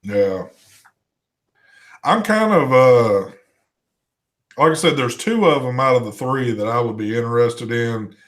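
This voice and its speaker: A relaxed man with a twang co-hosts a casual live stream, talking loosely and reading viewer messages aloud. His voice sits at an ordinary middle pitch, and his talk is easygoing, with a mild curse here and there. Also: measured pace, long pauses. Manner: laid-back, swears casually, reads chat aloud. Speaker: co-host of a vaping live show.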